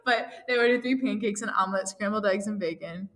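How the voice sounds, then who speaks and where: A woman's voice: medium pitch, a little fast. A young woman co-hosting a casual chat, reading fan fiction aloud and rambling with lots of fillers and giggles. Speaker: podcast co-host. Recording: echoey, reverberant room.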